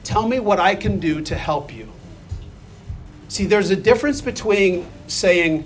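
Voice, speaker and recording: A man's voice: sits high, normal speed, slight background noise. A man preaching a sermon in a conversational way, asking the listeners questions and reading scripture aloud. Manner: reads scripture aloud and acts out the quoted lines.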